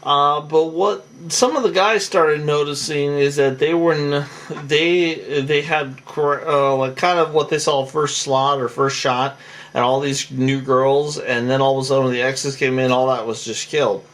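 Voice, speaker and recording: A man's voice: a little high, steady tone, a little slow, fairly bright tone. A tired man recapping a reality show in a rambling, casual monologue full of fillers and restarts.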